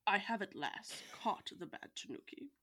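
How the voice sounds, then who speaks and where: A woman's voice: medium pitch, lively intonation, normal speed, fairly bright tone. Good-natured old farmer, read by a woman, plain and firm, close to her own voice. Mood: determined.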